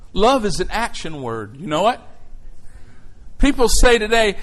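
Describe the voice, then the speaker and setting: A middle-aged male preacher tells a story from the pulpit with a fairly high voice. He swings from near-whispers to loud outbursts to stir his congregation. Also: unhurried, a little hiss or hum, rough recording. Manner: animated storytelling, swinging from hushed to shouting. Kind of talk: sermon with personal story.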